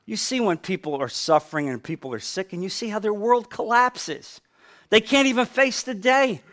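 A middle-aged male pastor from New Jersey preaching a sermon, swinging from loud to quiet with emphasis. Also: high voice, normal speed.

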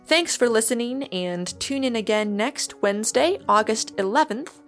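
Woman narrator, audiobook reader, mid pitch with gravelly fry, measured delivery. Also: lively intonation, soft background music. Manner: measured, storytelling. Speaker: podcast host and reader.

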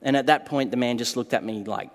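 Preaching in a large hall, a medium-pitched pastor talks fast. He animates his stories and acts out each quote as he goes.

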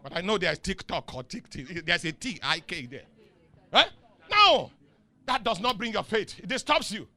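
A middle-aged man with a Nigerian accent preaching a sermon in call-and-response style. He swings from soft asides to shouts and chuckles often. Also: high-pitched, very animated, moderate pace. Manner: chuckles often mid-sentence. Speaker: pastor.

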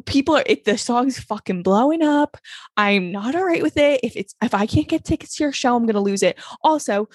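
Gushing young woman with a brightish voice. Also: fairly high pitch, expressive, moderate pace, dry recording. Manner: emotional, gushing, swears casually. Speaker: podcast co-host. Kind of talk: casual chat.

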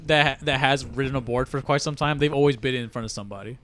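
A young man adding quick, laid-back comments in casual chat. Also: mid-range voice, a bit bright, slight background noise.

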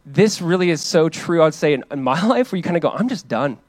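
A man's voice: a little high, fast talker, no echo. Casual, upbeat man preaching a sermon. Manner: casual, energetic, repeats and restarts phrases. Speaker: pastor. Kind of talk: sermon with prayer. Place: church hall.

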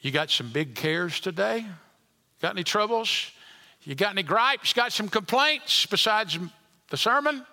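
A man preaching a sermon in a church, swinging from loud emphatic lines down to hushed, almost whispered endings. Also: high-pitched, animated, a little slow. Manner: dynamic preaching, rising loud then dropping to near whisper. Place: church sanctuary. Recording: long hall reverb.

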